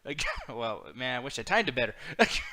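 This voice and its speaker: A man's voice: mid-range voice, big pitch swings, moderate pace, pushed and bright. A man co-hosting a podcast, chatting casually about wrestling, swearing freely and laughing often. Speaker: podcast co-host. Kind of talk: casual profane wrestling chat.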